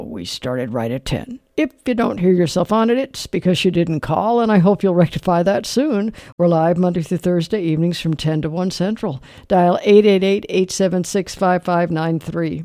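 High-voiced male radio call-in host. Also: a little mellow, dry recording, studio quality. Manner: brisk, affirming, quick sign-offs. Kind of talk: late-night call-in radio talk.

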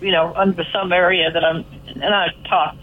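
A woman's voice: fairly low pitch, little pitch movement, moderate pace. A woman calling in to a radio show, chatting in a rambling, storytelling way. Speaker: caller. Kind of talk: casual phone chat. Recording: tinny phone line.

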